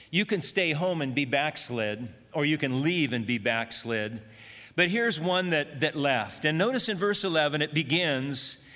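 A man preaches in a church hall, earnest and reflective, taking his time as he tells a story. His voice sits a bit high and sounds bright and clear. A long reverb trails after each phrase. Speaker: pastor. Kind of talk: sermon.

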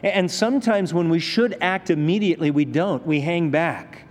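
Pastor, male, slightly high voice, relaxed explanatory preaching, long hall reverb. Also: normal speed. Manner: conversational, with rhetorical questions. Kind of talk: expository sermon.

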